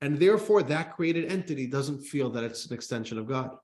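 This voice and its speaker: A man, a rabbi, teaching a class, reading a text aloud and explaining it in an animated way to listeners. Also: medium pitch, brisk. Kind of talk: Torah class lecture. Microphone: microphone in front of him.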